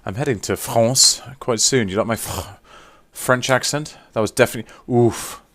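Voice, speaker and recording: A man's voice: mid-range voice, moderate pace, fairly bright tone, dry recording. A man chatting casually with viewers on a live stream while signing autographs, teasing and reading out names.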